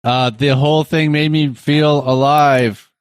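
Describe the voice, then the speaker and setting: A man's voice: fairly high pitch, fairly even intonation, a little slow, smooth, dry recording. Wry agreeable man, dry sound. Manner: wry, agreeable, joking asides. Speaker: podcast co-host. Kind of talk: casual chat.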